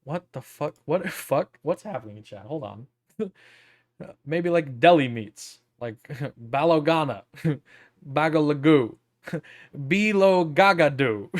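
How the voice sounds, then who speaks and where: A man streaming casually as a virtual streamer, reading aloud and reacting in a profane, giggly, rambling way. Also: high-pitched.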